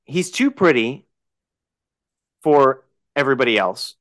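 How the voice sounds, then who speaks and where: A man's voice: mid-range voice, animated, a little slow, a bit bright. A man co-hosting a podcast, chatting about a film and asking questions as he thinks aloud. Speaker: podcast co-host. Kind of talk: casual film discussion.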